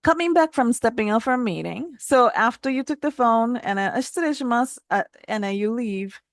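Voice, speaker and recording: A woman teaching phrases in a casual spoken lesson, modeling words with lively jumps in pitch. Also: a little fast, no echo, studio quality. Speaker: Japanese language teacher.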